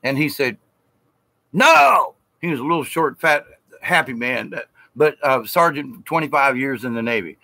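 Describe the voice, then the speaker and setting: A man's voice: mid-range voice, a little fast, few pauses, bright, forceful tone, no room sound. A man telling a story in a casual vlog. He rambles from point to point and hits his words with emphasis. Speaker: vlogger.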